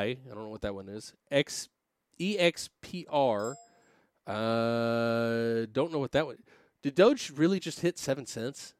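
A man's voice: mid-range voice, lively intonation, dry recording, studio quality. A man casually reading news aloud on a podcast, stumbling over words and joking. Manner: reads haltingly with many fillers and restarts, laughs often.

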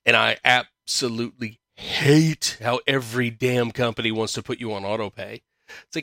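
Bright-voiced sarcastic man ranting. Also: medium pitch, fairly quick, no room sound, clean studio sound. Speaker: podcast host. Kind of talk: casual chat, reading news articles.

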